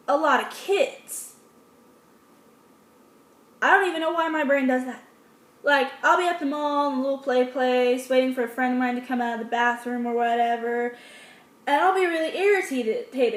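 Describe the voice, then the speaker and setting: A woman's voice: high-pitched, a bit bright. A young woman vlogging in a chatty, sassy way, acting out little scenes as she talks. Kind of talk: casual comedic vlog. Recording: echoey room.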